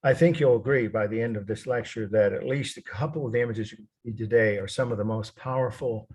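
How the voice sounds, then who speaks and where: A man's voice: mid-range voice, a little fast, a little mellow, husky. A middle-aged man teaching a college art history lecture, rambling and correcting himself as he goes, spelling names out letter by letter.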